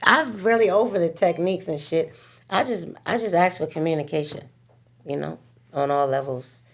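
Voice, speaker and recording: A woman's voice: lowish voice, normal speed. A woman, a mother of three, talking frankly and laid-back about her own time in a podcast chat. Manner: frank, laid-back, calls music therapy. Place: podcast studio.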